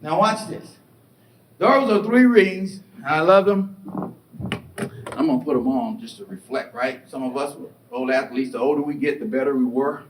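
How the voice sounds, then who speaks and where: A middle-aged man giving a motivational keynote, telling stories with lively acted-out voices and questions to the crowd. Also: normal speed. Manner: animated storytelling, acts out voices and asks the crowd questions. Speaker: keynote speaker. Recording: echoey hall, distant mic, faint rumble.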